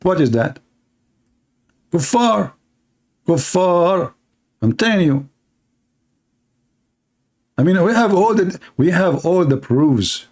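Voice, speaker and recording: A man's voice: a little high, very animated, unhurried, long pauses, a little mellow. A man giving sarcastic live-stream reaction commentary on a clip, rambling and mocking in broken English.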